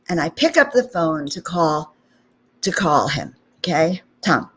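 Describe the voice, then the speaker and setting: A woman with a somewhat low voice tells a personal story as host of a spiritual talk channel. Her delivery is chatty and animated. She keeps checking in with the listener, tossing in "okay?" and "you know" as she goes. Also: measured pace, breathy edge. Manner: animated anecdote with frequent 'okay?' and 'you know' asides.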